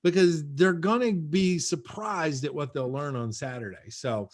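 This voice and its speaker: A man with a fairly high voice delivers a motivational seminar talk from his own house over a video call. He drives his points home with short, repeated phrases and keeps urging his listeners on. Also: measured pace. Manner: punchy, repetitive, exhorting. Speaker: guest speaker and real estate coach.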